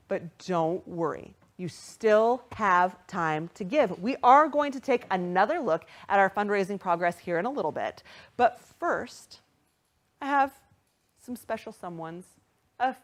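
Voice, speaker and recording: Animated, excitable woman fundraiser host. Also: medium pitch. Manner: excitable, gushing thanks to donors; playful, teasing the audience. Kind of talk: live virtual fundraiser hosting.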